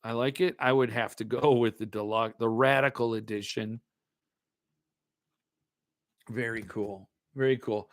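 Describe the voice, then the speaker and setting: A man's voice: mid-range voice, takes it slowly, long pauses, a bit bright, no echo, studio quality. A man hosting a podcast in casual chat, reading viewer comments, jokey and self-mocking. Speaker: podcast host.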